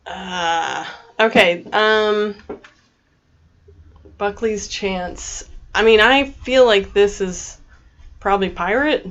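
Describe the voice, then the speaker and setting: A woman's voice: medium pitch, takes it slowly, long pauses, a bit bright, muffled recording. A woman with a Texan accent co-hosting a live stream, reading chat aloud and thinking through her guesses hesitantly. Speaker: livestream co-host reading chat. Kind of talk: casual chat.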